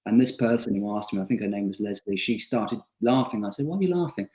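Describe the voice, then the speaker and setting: A man's voice: on the low side, fairly even intonation, brisk, a little mellow. A young man, an author, telling self-deprecating stories in a casual chatty interview, with frequent fillers and restarts. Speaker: author interviewed about his book. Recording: roomy echo.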